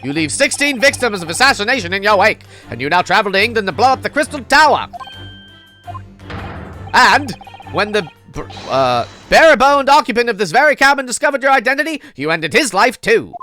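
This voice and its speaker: A woman's voice: fairly high pitch, sing-song, a little fast, pushed and bright, faint music behind, pitched above the performer's own voice. A woman voicing a boastful, eccentric male detective with a put-on transatlantic accent, declaiming theatrically. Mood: pompous. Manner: theatrical, self-satisfied declaiming. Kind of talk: game dialogue read aloud.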